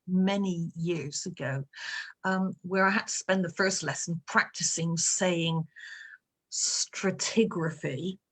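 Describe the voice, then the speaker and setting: A woman's voice: fairly low pitch, a bit bright. A woman from England, an author chatting casually about her life and work, telling playful stories with plenty of fillers. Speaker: author answering reader questions. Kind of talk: casual chat.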